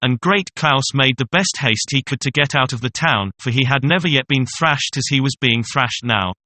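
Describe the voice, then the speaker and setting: A man narrating a fairy tale in a measured, even storytelling manner. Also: medium pitch, no room sound.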